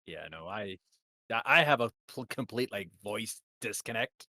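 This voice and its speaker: A man chatting on a podcast in a halting way, stopping and restarting often. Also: fairly low pitch, animated, sharp tone, no echo. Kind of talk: casual podcast chat.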